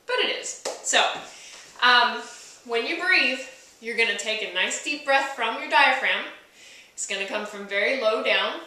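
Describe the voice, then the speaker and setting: A young woman gives a singing lesson, explaining each step and breaking into short sung demonstration notes. Her voice is bright and clear, set a little high. It rings with a strong room echo, caught from a few steps away. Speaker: voice teacher. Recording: echoey room from far off.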